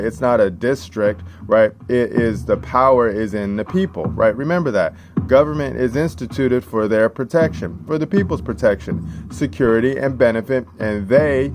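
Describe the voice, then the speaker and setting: Casual man teaching with constant "right?". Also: medium pitch. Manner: casual, emphatic, repeats "right?" after every point. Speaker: civics teacher. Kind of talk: informal lesson reading and explaining a constitution. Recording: steady background noise.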